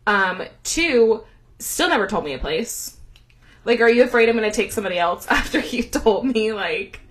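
A woman co-hosting a podcast in casual chat, telling a story with lively asides and frequent laughter. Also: on the high side, moderate pace. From US South. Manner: animated storytelling, laughs often. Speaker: podcast co-host.

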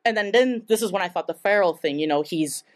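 A woman's voice: medium pitch, quick pace. A young woman from Taiwan telling a story on stage at a live event, chatty and casual, full of "like" and laughing often. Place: live event in front of an audience.

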